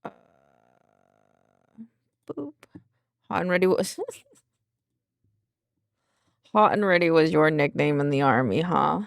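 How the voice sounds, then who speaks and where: Speaking slowly with long pauses, a young English-speaking woman with a low, expressive, gravelly voice chats casually on a live stream while working on a design. She rambles, giggles, greets viewers by name, and mutters to herself, recorded dry and in studio quality.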